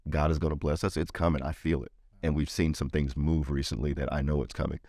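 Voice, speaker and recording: A middle-aged man speaks in a very low, deep voice, recorded close and dry. He tells his story in an interview with energy and acts out the people in it. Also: fast talker, no room sound. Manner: animated storyteller, acts out quoted voices higher. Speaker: veteran advocate guest.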